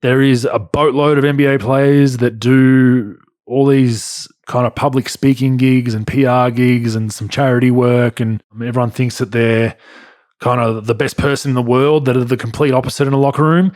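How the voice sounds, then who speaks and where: A man's voice: medium pitch, fairly even intonation, moderate pace, a little mellow, dry recording, clean studio sound. A man from Australia with an Australian accent, hosting a podcast in casual, blunt chat and reading out listener questions. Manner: laid-back, blunt, swears casually. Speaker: podcast host.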